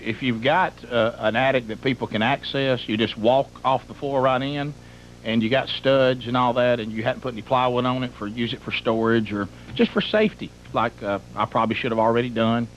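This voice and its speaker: A man's voice: medium pitch, fairly quick. A middle-aged man, hosting a radio show and telling a comic story in a rambling, exaggerated way that piles up details. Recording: muffled broadcast with faint hum.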